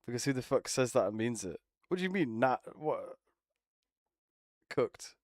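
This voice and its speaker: A man's voice: medium pitch, sing-song, moderate pace, darkish tone, no echo, clean studio sound. Laughing, swearing young man. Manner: swears often, teasing, laughs a lot. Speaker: streamer. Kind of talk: casual banter with friends.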